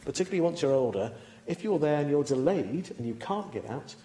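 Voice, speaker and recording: A male cabinet secretary gives an earnest, explanatory answer and often poses rhetorical questions. His voice is mellow, and he speaks quickly. The recording is roomy and echoey, with a faint hum underneath. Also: fairly high pitch, animated. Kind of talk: parliamentary answer. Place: debating chamber.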